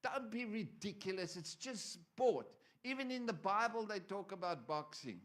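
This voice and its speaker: A man's voice: high-pitched, animated, normal speed, a bit bright. A man preaching a sermon to a church congregation, conversational and joking with the people in front of him.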